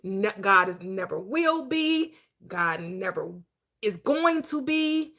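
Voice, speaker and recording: Slow, bright-voiced woman host. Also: medium pitch, very animated. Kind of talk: spiritual discussion group chat.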